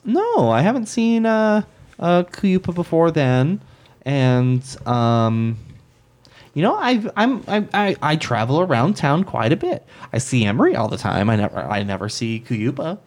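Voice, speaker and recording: A man's voice: fairly high pitch, very animated, a little slow, a little mellow. A man runs a tabletop game and answers questions in a witness's place. His voice swings up and down a lot, and he talks in an easygoing, hesitant way. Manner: easygoing, hesitant, laughs often. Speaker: game master.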